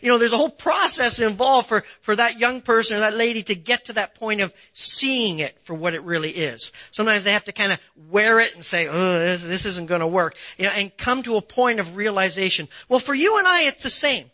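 A man's voice: high voice, expressive, brisk, hardly any pauses, pushed and bright, dry recording, highs cut off. A man preaching a sermon in a conversational way, asking rhetorical questions and building emphasis. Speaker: pastor.

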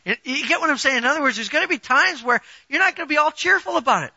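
A man's voice: extremely high pitch, animated, fast, pushed and bright, no echo, dull audio. A man preaching a sermon in a conversational, emphatic way, often throwing rhetorical questions at the congregation and giving personal examples.

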